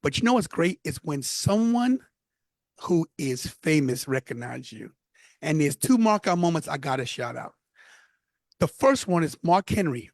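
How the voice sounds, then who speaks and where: A man from New York, a podcast guest, telling stories in an animated, casual way. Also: on the high side, measured pace, no echo. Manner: animated storyteller. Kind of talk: casual interview.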